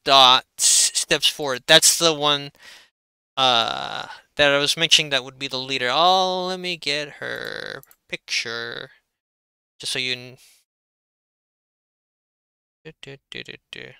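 Guy running a tabletop game, super bright clear voice, dry close sound, kinda rambly. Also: mid-range voice, takes it slowly, pauses often, no echo, poor audio. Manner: loose and chatty, full of fillers and restarts. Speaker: game master.

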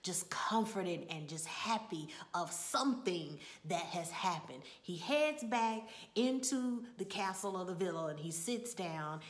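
A woman's voice: lowish voice, animated, a little slow, hardly any pauses. A woman casually recapping a television episode in a conversational storytelling way, with side remarks and occasional drops to a whisper. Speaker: TV episode reviewer.

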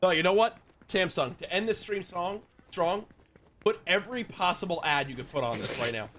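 Male streamer, high and bouncy voice, hyped and laughing, talks straight to chat from a desk mic. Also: expressive, moderate pace, fairly bright tone, a little hiss or hum. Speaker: streamer hosting a sponsored stream. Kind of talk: excited livestream chat.

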